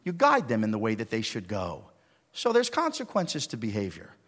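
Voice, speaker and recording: A male pastor giving a sermon, swinging between hushed lines and loud emphatic ones. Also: fairly low pitch, huge pitch swings, moderate pace, slightly rough. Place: church sanctuary. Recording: long hall reverb.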